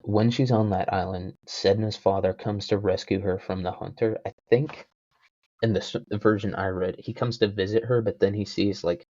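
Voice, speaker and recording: A man's voice: on the low side, fairly even intonation, normal speed, mellow, no room sound. Rambling, joking man on a lo-fi mic. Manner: joking, self-deprecating, full of fillers. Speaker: podcast host. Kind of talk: rambling casual storytelling. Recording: dull lo-fi home mic.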